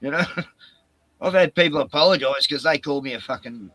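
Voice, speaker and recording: A man's voice: fairly high pitch, a little fast, sharp tone, no room sound, low-quality recording. A man chatting as a guest on a live stream, casual and sweary, saying "you know" a lot.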